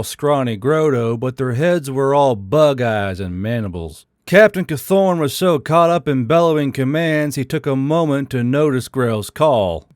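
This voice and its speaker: A man narrates a science fiction story as a scripted audiobook, steady and even in delivery. His voice sits at a middling pitch and sounds dry and close, with no room around it. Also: no room sound.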